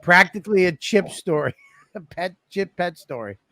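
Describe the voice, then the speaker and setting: A man's voice: sits high, lively intonation, normal speed, pushed and bright, dry recording. Blunt, profane man, dry close mic. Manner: blunt, profane, laughs in disbelief. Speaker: podcast host. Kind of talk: casual chat.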